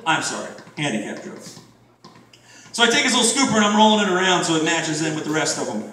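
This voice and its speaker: A man's voice: fairly high pitch, sing-song, fast, pushed and bright, distant mic, a little hiss or hum. Profane male comic in an echoey room. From Florida, USA. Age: 30s. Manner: crude, rambling, profane storytelling. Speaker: stand-up comedian. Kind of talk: stand-up comedy set. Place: comedy club stage. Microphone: distant room mic.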